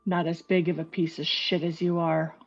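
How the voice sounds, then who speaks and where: Woman as a mocking, menacing clawed creature in a tabletop game; low voice, dull lo-fi sound. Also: level tone, normal speed, faint music behind. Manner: taunting and mocking.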